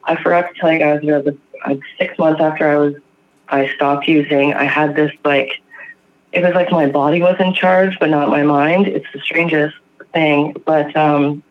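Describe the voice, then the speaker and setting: Canadian guy rambling through his story, swears a lot, voice a bit high, dull lo-fi sound. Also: flat delivery, normal speed. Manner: rambling, profane, lots of fillers. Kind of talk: candid personal story in a podcast chat.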